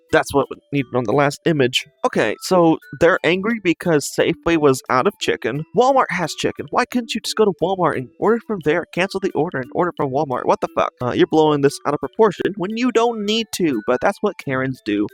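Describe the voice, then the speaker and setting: A man's voice: on the high side, big pitch swings, a little fast. A man hosting casual commentary on online posts, rambling, swearing freely and laughing often. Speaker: host.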